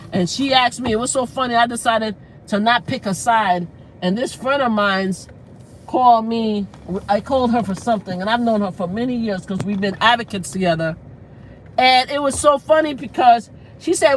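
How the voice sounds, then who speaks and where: A woman hosting a casual live stream. She talks in an outspoken, animated way, swears freely, slips into laughter while telling stories and sometimes loses track of names. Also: on the high side, a little hiss or hum, poor audio. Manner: breaks into laughter while storytelling. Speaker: livestream host.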